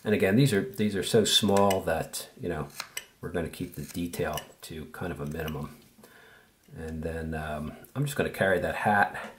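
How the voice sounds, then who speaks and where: A man's voice: low voice, moderate pace, a little hiss or hum. A man giving an easygoing, step-by-step tutorial while he works, thinking aloud as he goes. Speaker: woodcarving instructor.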